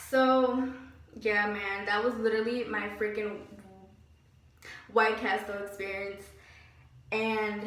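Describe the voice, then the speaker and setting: A young woman vlogger telling a story about a bad job in a casual, animated and indignant way, with lots of "like". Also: a little high. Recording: very echoey room, slightly distant mic.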